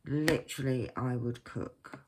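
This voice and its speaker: A woman chats casually at her craft desk at home, drifting from thought to thought and joking about herself. She talks slowly and without hurry. Clear clicking noises sit behind her voice throughout. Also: a bass voice, fairly even intonation, background noise. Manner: rambling, chatty, self-mocking. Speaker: crafting vlogger. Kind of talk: casual chat while crafting.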